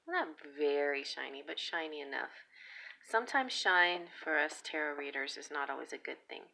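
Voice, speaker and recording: A chatty woman reviews a tarot deck in a relaxed, rambling way. Her voice sits low but sounds bright and crisp. She giggles often and wanders into little asides. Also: poor audio. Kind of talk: casual flip-through review.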